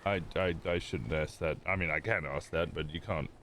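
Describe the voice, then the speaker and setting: A man's voice: a bass voice, normal speed, a bit bright, a little hiss or hum. A man livestreaming a roleplay game, chatting casually with his viewers in a rambling, self-interrupting way. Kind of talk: casual chat with stream viewers.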